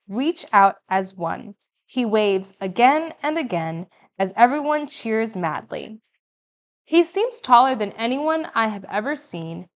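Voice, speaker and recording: Slow-reading woman audiobook narrator. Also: mid-range voice, fairly bright tone. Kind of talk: first-person audiobook narration.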